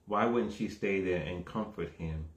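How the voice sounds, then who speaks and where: A man preaching a conversational sermon that starts low and calm and builds into emphatic, raised exhortation. He repeats himself and keeps checking with the listeners. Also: normal speed, reverberant. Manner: repeats words, asks the audience "right?".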